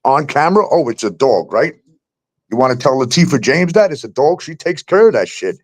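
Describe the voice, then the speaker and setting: Angry, animated New man ranting. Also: on the high side, fairly quick, no room sound. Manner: heated, swearing, ranting about landlords and cops. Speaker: talk show host. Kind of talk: angry profane rant.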